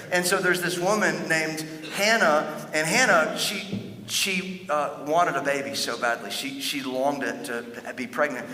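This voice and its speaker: A man's voice: a little high, pushed and bright. A male pastor preaching a sermon in a conversational, storytelling way, often stumbling over and restarting his words. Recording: echoey hall with long reverb.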